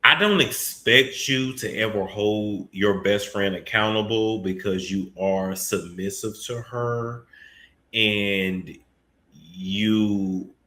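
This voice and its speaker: A man hosting celebrity gossip commentary, talking in a profane, mocking way with sudden bursts of shouting. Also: on the low side. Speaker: commentary host. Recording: echoey room.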